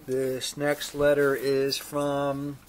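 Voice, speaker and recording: Very slowly and with a completely flat delivery, a male motorcycle vlog host in a mid-range voice works through viewer mail. His manner is relaxed and dryly funny, and he goes along with the joke letters.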